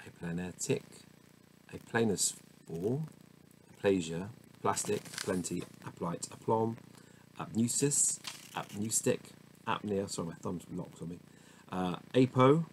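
A man's voice: low-pitched, darkish tone, low-quality recording. A man reading dictionary entries aloud one by one, stumbling over pronunciations and muttering asides to himself. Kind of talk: casual word-by-word reading. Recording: faint background noise.

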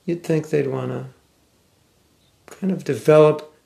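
An older American man with a General American accent giving a scripture class, speaking thoughtfully with some halting restarts and reading passages aloud. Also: on the high side, fairly even intonation, gravelly, mellow. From United States. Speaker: spiritual teacher. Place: class room.

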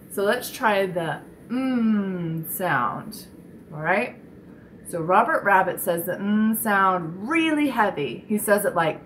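A woman teaching a children's speech lesson, demonstrating sounds slowly and encouraging the listener. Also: medium pitch, lively intonation, a bit bright, a little hiss or hum, poor audio.

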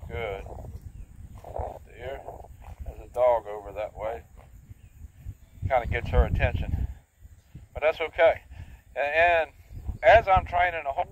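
A man training a horse while riding in an outdoor arena, explaining his technique in a plain, steady, practical way. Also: mid-range voice, slight background noise. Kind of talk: instructional talk while riding. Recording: thin phone-like outdoor audio.

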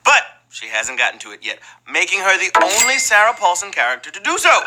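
A man hosts a live trivia game in a playful, joking way. His voice is very bright and sharp, with pitch leaping around as he exclaims, and slightly higher than most men. Faint music plays underneath. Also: expressive, fairly quick, few pauses, rough recording. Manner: playful, exclaims and jokes between questions. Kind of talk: energetic live game-show hosting.

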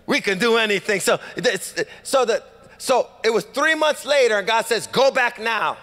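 Californian male pastor, high voice, lively storytelling sermon, reverberant church hall. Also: moderate pace. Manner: animated, acts out dialogue, rhetorical calls to congregation. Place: church sanctuary.

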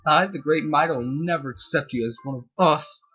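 A man reading game text aloud as a bratty, boastful forest boy, taunting in a husky voice. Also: on the high side, moderate pace, bright, forceful tone, highs cut off, exaggerated voice.

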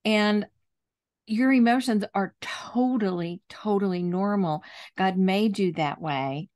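A woman host speaks calmly and explains things at a measured pace. She teaches in a conversational chat, with her pitch in a middle range.

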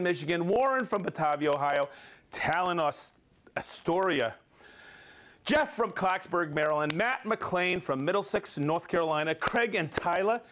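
Middle-aged male live-stream host, high-pitched, cheerful, rattles off viewer names and places. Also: a bit bright. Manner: upbeat, reads off viewer names and places, stumbles over hard names. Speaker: livestream host.

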